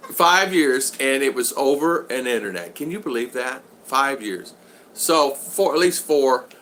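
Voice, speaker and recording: A man's voice: medium pitch, expressive, slow, long pauses, a bit bright, slight background noise. An older man hosting a casual live-stream vlog, rambling along and reading out viewer comments. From United States. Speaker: vlog host.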